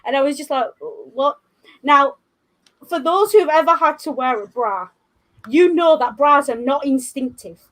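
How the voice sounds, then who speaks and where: A woman with a high, light voice chats on a casual podcast. She is blunt and sweary and tells her stories with plenty of animation. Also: moderate pace, a bit bright. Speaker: co-host.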